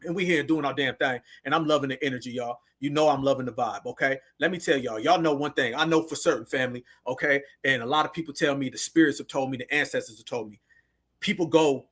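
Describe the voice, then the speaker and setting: Husky fired-up man preaching on a livestream. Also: mid-range voice, fast, a bit bright. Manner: preachy, rallying, repetitive call-and-response phrasing. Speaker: livestream host.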